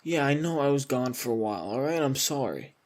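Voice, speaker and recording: A man's voice: mid-range voice, animated, fairly quick, natural voice. A man voicing an earnest young wanderer. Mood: worried. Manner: earnest, rambling, talks to his pet. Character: young wandering swordsman who talks to his bird. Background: music.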